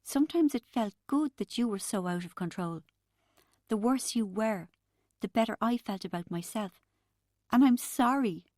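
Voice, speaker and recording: A nervous young woman in an audiobook, tentative and easily moved to tears, as a woman narrator puts her on. Her voice sits a little higher than the narrator's own and is recorded dry and close, with no room sound. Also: animated, normal speed, darkish tone, no echo, close to an everyday voice. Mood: tearful, remorseful. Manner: hesitant, awkward. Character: anxious, tearful young woman, sister. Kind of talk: audiobook character voice.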